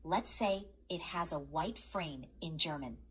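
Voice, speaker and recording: A woman's voice: deep voice, a little slow, breathy edge. A woman's voice, computer-made, guiding a language lesson in a patient, encouraging way. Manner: patient, encouraging, even-paced. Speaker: language tutor assistant.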